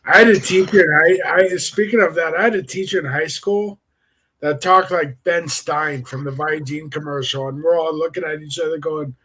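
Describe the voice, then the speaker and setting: Husky man in his forties. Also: fairly high pitch, moderate pace, pushed and bright, rough recording. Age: 40s. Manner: blunt, swearing freely. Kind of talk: casual group chat.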